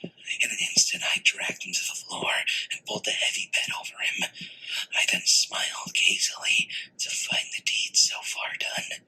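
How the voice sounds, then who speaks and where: An actor playing an unhinged male murderer, confessing in a slow, hushed, deliberate whisper for a dramatic audiobook reading. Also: rough recording. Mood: hushed, eerie. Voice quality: whispery, gravelly.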